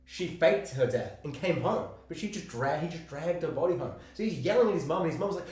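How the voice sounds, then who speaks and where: A man co-hosting a casual film discussion podcast, talking in a rambling, animated way and swearing often. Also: a little high, fast, hardly any pauses. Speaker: podcast co-host. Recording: very echoey room.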